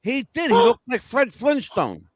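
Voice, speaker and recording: A man's voice: very high voice, wildly swooping pitch, measured pace, a crowd in the background. A man hosting a casual radio talk show, folksy, blunt and joking with his guests. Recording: dry studio sound.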